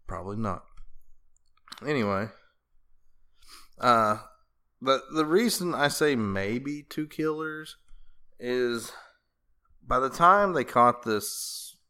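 A man's voice: mid-range voice, sharp tone, clean tone. A man co-hosting a podcast in casual chat, rambling through a story with crude jokes and laughter. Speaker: podcast co-host.

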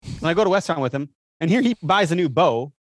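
A man chatting as a podcast guest, telling stories with lots of fillers and animated bursts. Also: on the high side, fast talker, no room sound, clean studio sound. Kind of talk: casual chat.

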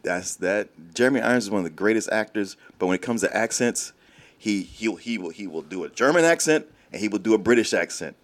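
A man with a fairly low voice that still swings up and down as he talks. He chimes in with questions and side stories in a relaxed, chatty way. His co-host sets the pace while he adds his own takes. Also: fairly quick. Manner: relaxed, inquisitive, chiming in. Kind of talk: casual movie review chat.

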